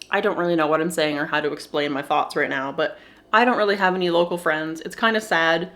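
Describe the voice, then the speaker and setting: A young woman vlogging candidly about feeling lonely, talking in a soft, halting way and a little teary, with nervous laughs. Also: low-pitched. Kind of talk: candid personal vlog.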